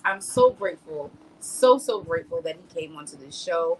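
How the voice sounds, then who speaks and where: A woman hosts a poetry show with energetic enthusiasm. She introduces her guest and rallies the audience. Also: on the low side, normal speed, hardly any pauses, low-quality recording. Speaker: show host.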